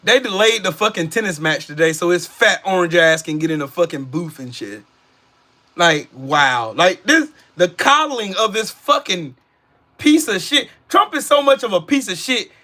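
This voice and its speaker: A man's voice: sits high, animated, moderate pace, pushed and bright. A man angrily ranting on a live political stream. He talks profanely and mockingly, and often repeats himself and restarts his sentences.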